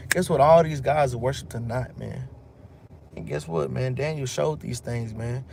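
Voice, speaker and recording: Man, Texan accent, gravelly voice, bible class preacher, slangy retellings, faint hiss behind. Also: mid-range voice, moderate pace, darkish tone. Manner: reads scripture then retells it in slang. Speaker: teacher of a religious group. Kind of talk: bible teaching with casual commentary.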